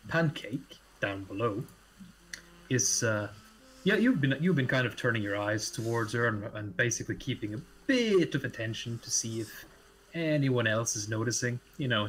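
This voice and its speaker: Male tabletop game master, mid-pitched, casual narration with plenty of fillers. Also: animated, normal speed, a bit bright, slight background noise, low-quality recording.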